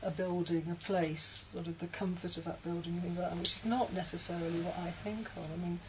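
A woman's voice: fairly low pitch, steady tone, fast talker, background noise. Chatty woman. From Birmingham, England. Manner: chatty, self-interrupting, laughs easily. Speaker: poet. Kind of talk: casual panel discussion.

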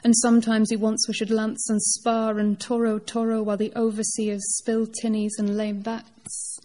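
A worn-out old unicorn working man speaks through this poem, as a woman reads him aloud. The delivery is measured and steady, with a flat, even pitch and a mellow, dark tone. It is a performed poetry reading, not a put-on character voice. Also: natural voice. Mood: weary, wry. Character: old male unicorn, weary labourer, gruff.

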